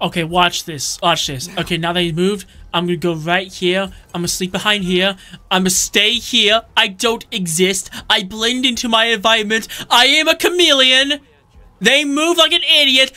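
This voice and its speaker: A man giving jokey, excitable commentary while playing a video game, often shouting his reactions. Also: high-pitched, moderate pace. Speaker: let's play host. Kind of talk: gameplay commentary.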